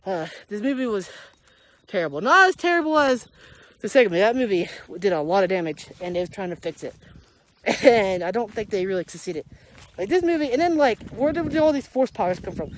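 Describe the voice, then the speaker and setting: A young adult daily vlogger walks around a rural property holding a camera, slightly out of breath, giving a casual, rambling movie review. Animated and chuckling at a moderate pace in an ordinary middle-pitched voice, they keep forgetting names and returning to the same complaints, with slight background noise.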